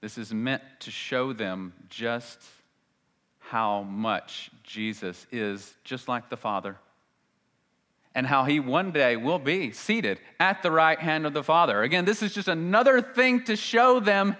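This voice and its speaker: A man preaching a sermon as a pastor, emphatic, swinging between loud and hushed and repeating phrases for stress. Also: mid-range voice, animated, measured pace. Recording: long reverb of a large hall.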